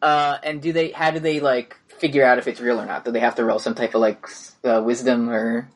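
A man's voice: medium pitch, level tone, fairly quick. A man narrating as game master in a tabletop game, casual and full of fillers. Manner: casual, hesitant with many fillers.

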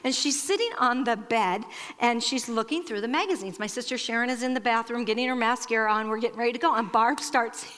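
Brief: lively Iowa woman, warmly chatty speaker at a ladies' church event, a bit high, bright tone, hall reverb. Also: fairly quick. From Iowa, USA. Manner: lively, chatty, addresses the audience directly. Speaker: speaker at a women's church Christmas gathering. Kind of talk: storytelling talk and prayer to an audience. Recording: long reverb in a large hall.

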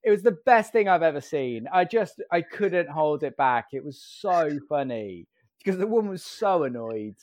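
Animated man comedian. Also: a little high, moderate pace, no echo. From English Midlands. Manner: animated, laughing storyteller. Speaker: comedian guest. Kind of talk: casual interview chat.

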